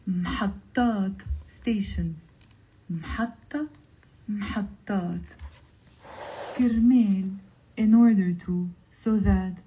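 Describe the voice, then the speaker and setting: A woman teaches Lebanese Arabic vocabulary live, with a Lebanese accent. Her voice is very dark and mellow, and she sits at a middle pitch. She says each word slowly, breaks it into syllables, and repeats it. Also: rough recording. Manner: slow, careful word-by-word pronunciation drills. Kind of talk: vocabulary lesson on a livestream.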